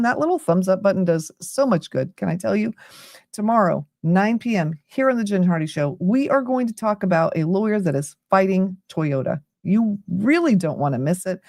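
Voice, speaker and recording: A woman's voice: medium pitch, a little mellow, no echo, clean studio sound. A middle-aged woman from the United States, tired and yawning, chatting casually and rambling as she hosts a late-night livestream. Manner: chatty, rambling, easily sidetracked. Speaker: livestream host.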